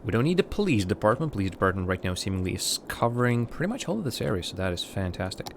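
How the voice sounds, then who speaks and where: On this livestream, the Russian-speaking man from Latvia talks fast with big pitch swings and some vocal fry in a lowish voice. He narrates his gameplay and chats with viewers in between, thinking aloud with lots of fillers and false starts. Slight background noise can be heard.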